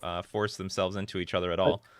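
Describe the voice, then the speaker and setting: A man's voice: low-pitched, level tone, fast, smooth, no echo. A man hosting a live stream, reading out viewer questions and chatting casually, often stopping and restarting his sentences. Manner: chatty, self-interrupting.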